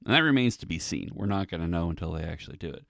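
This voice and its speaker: Male podcast host, deep with a gravelly edge, loose and rambling, dry sound. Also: lively intonation, very fast, fairly bright tone, no echo. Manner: rambling, self-described nerd, many ums and restarts. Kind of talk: casual solo podcast commentary.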